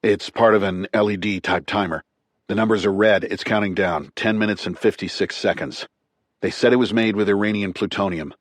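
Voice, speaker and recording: A man's voice: on the low side, fairly quick, no room sound, natural voice. A man voicing a tough former military man who talks in clipped, urgent, profane bursts. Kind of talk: audiobook character reading.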